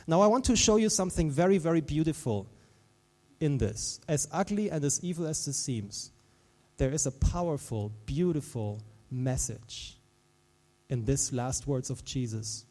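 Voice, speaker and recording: A man preaching a sermon as a pastor, animated, dropping to a hush and then rising to loud, emphatic lines. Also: mid-range voice, unhurried, big-room sound. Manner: animated, swings from hushed to loud.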